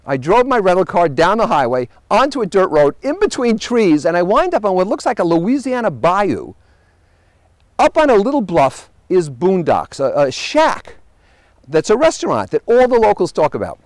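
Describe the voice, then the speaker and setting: Lively, wry male storyteller. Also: high voice, no echo. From United States. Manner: animated storyteller, wry punchlines. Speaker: host. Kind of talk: anecdotal travel monologue.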